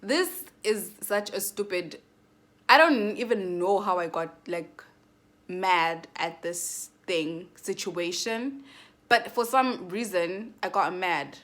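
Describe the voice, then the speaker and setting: A woman's voice: on the low side, takes it slowly, fairly bright tone. Chatty young woman telling a storytime. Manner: chatty, rambling, slangy, lots of "like". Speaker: vlogger. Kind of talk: casual storytime.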